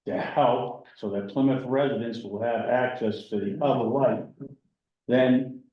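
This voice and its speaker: A man's voice: medium pitch, steady tone, a little slow, very echoey, far from the mic, highs cut off. A man with a Boston accent, a committee member making blunt, opinionated points at a town meeting.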